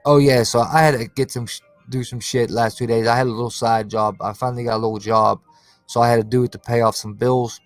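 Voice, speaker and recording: A man's voice: medium pitch, fairly even intonation, fast talker, no room sound, soft background music. A man hosting his own channel, ranting casually on a livestream, confrontational and slangy, tacking "bro" and "cuz" onto his lines. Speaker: conspiracy channel host.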